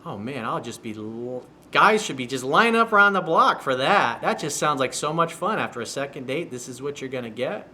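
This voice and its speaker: A man working as a dating coach reads a viewer's email aloud and answers it bluntly, profanely and sarcastically in a solo video newsletter commentary. His voice sits on the high side with a sharp tone. He records in a room at home with workers outside the window, and there's a little hiss or hum.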